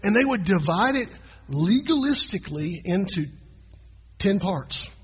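A pastor preaches to his congregation in a conversational manner, asking questions along the way. He has a high, breathy, sing-song voice and an unhurried pace, recorded in a church sanctuary with long hall reverb.

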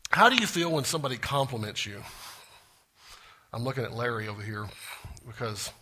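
Bright-voiced pastor preaching. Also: male voice, mid-range voice, animated, fairly quick. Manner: conversational, asks the congregation questions, jokes at himself. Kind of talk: sermon. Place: church sanctuary.

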